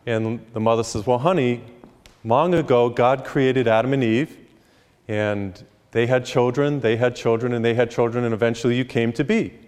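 A man preaching a sermon as a priest, telling humorous stories and acting out characters with pitch jumps. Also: fairly even intonation, moderate pace, darkish tone, smooth. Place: church retreat, live. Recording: long reverb of a live hall.

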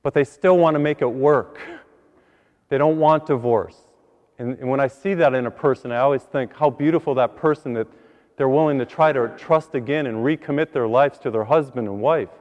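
A priest giving an earnest sermon, repeating words and building to higher emphasis on key points. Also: male voice, moderate pace, in a large hall, muffled recording. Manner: earnest, repeats words, rises in pitch when stressing a point.

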